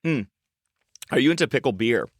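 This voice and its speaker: A man's voice: mid-range voice, expressive, moderate pace, dry recording, studio quality. A man co-hosting a podcast in casual chat, loose and joking, swearing freely and often restarting his sentences. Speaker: podcast co-host.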